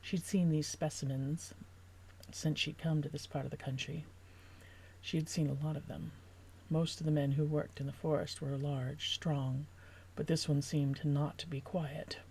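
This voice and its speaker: A woman's voice: deep voice, little pitch movement, measured pace, vocal fry, darkish tone, slightly rough. A woman author reading her own novel draft aloud, stopping now and then to rework a sentence.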